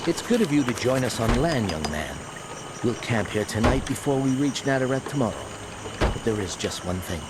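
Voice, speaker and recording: An actor playing a friendly, weathered ship captain in a fantasy game, speaking in measured storytelling dialogue. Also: male voice, medium pitch, sing-song, heavy background noise, close to an everyday voice.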